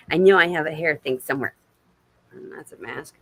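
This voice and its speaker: A woman's voice: deep voice, expressive, slow, a bit bright, breathy edge. A woman giving casual livestream intuitive readings from her couch, chatty and swearing freely. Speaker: intuitive reader. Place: home, on a couch.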